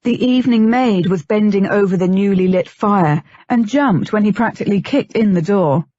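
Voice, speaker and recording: A woman reading a novel aloud in a steady, measured way as an audiobook narrator. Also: medium pitch, no echo. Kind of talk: scripted narration. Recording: dull lo-fi, dry.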